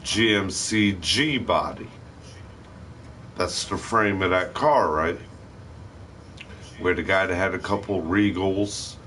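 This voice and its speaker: A man's voice: deep voice, slow, long pauses, sharp tone, a little hiss or hum. A middle-aged man hosting a live stream, telling rambling, profane stories in casual chat. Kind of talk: casual storytelling.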